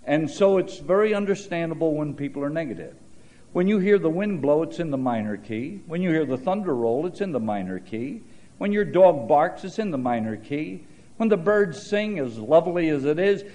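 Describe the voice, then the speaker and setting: A man preaching a sermon, mixing scripture with folksy stories and dry humor, shifting his pace and loudness for emphasis. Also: fairly high pitch, expressive, moderate pace.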